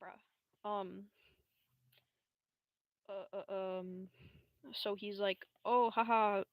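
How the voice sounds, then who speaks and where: A woman's voice: medium pitch, monotone, drawn-out words, no echo, dull audio. A young woman streamer telling a story in a casual, rambling way, full of slang and fillers.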